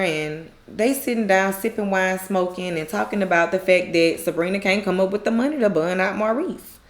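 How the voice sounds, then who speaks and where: A woman casually recapping a TV drama episode, animatedly retelling scenes, acting out the characters' lines and laughing often. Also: medium pitch. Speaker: recap YouTuber.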